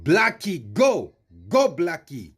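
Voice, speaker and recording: A man's voice: a little high, wildly swooping pitch, slow, breathy edge, voice pushed up, exaggerated voice. A man voicing a mocking male official in a put-on South African accent, sing-song and taunting.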